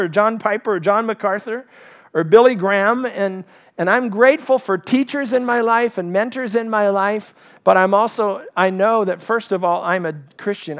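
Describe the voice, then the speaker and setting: High-pitched preacher guy getting fired up in a sermon, loud then soft. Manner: impassioned, rising and falling emphasis. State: out of breath at times. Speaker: pastor.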